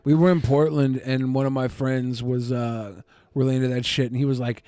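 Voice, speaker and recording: A man telling crude stories in a deadpan way during a casual podcast chat. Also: medium pitch, moderate pace, clean tone, no room sound. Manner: deadpan storytelling with crude humor. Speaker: podcast co-host.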